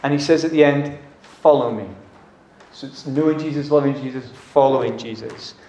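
Casual preacher in an echoey hall. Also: male voice, medium pitch, steady tone, brisk, warm tone. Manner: conversational, uses "like" and acts out dialogue. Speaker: pastor. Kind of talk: sermon. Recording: echoey room.

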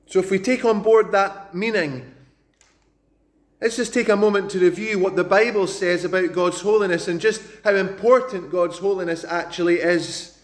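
In a high-sitting voice, a man preaches a sermon emphatically, repeating words for stress and slowing down whenever he quotes scripture.

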